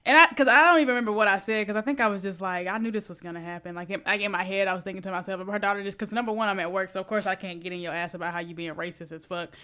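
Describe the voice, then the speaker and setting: A woman's voice: medium pitch, rapid-fire, few pauses, pushed and bright. A woman co-hosting a podcast, telling a story from work in a blunt, candid, casual way. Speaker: podcast co-host. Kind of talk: casual chat.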